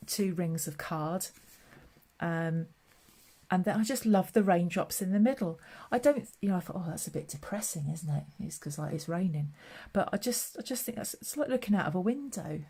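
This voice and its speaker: A woman's voice: fairly low pitch, a little mellow. A middle-aged woman hosting a papercraft live stream, chatting casually and answering viewers by name.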